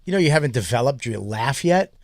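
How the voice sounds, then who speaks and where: A man's voice: medium pitch, expressive, quick pace, no room sound. A man with a mid-range voice talks candidly and pokes fun at himself, often breaking into laughter. The sound is dry and close to the mic. The talk is loose, comic podcast banter. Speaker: podcast co-host. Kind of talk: casual comedic chat.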